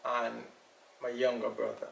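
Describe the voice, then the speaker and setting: An older man with a Jamaican accent, recalling his family's past in an unhurried, storytelling way during an interview. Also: mid-range voice, monotone, vocal fry, fairly bright tone. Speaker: elder being interviewed. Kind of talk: casual recollection. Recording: echoey room, far from mic, faint noise.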